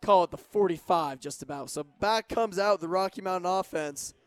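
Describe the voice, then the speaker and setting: Young man, play-by-play radio commentator, brisk, fairly high voice, smooth, dry close sound. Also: dry recording. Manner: brisk play-by-play, calling formations and yardage. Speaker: play-by-play announcer.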